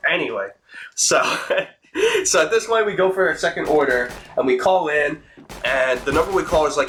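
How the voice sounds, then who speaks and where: A young man casually telling a true story about a bad first day at work, animated, swearing and slangy. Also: on the high side, moderate pace, a little hiss or hum.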